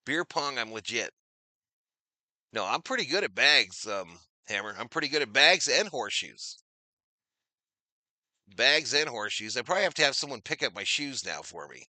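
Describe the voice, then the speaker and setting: Guy hosting a live stream, super bright tense voice, dry close mic, repeats himself a lot to chat. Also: mid-range voice, big pitch swings, moderate pace, pauses often, no echo. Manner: chatty, reads viewer comments, repeats phrases, addresses chat as y'all. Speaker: watch party stream host.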